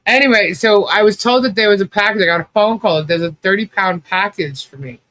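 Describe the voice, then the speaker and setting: A man's voice: sits high, brisk, bright, forceful tone. A man hosting a casual livestream, telling rambling stories with lots of fillers and laughter. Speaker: livestream host. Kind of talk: casual chat.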